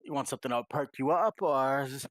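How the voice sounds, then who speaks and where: A man's voice: medium pitch, fast talker, no echo, studio quality, natural voice. A man playing a shady, grinning tavern bartender with sly, upselling patter.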